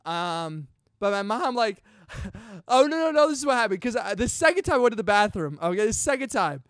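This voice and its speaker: A young man hosting a podcast, excitedly telling a personal story in casual chat, full of dude and bro. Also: sits high, a little fast, no echo, studio quality. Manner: chatty and excitable, peppers talk with dude and bro. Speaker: podcast host.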